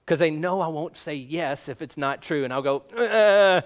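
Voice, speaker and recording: A middle-aged man preaching a sermon in a relaxed, conversational way, cracking jokes and asking the kids questions. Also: fairly high pitch, a little slow, hardly any pauses. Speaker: guest preacher.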